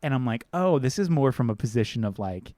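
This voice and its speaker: A man co-hosting a podcast, chatting casually and acting out characters in quick quotes. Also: mid-range voice, animated, mellow, no room sound. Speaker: podcast co-host. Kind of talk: casual chat.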